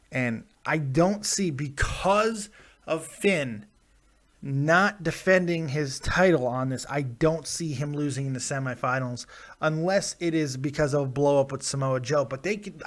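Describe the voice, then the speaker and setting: A man hosts a loose live show and talks in a rambling, jokey way, often teasing himself. His voice sits slightly high for a man. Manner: rambling, self-deprecating, jokey. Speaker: host. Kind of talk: casual live-show talk.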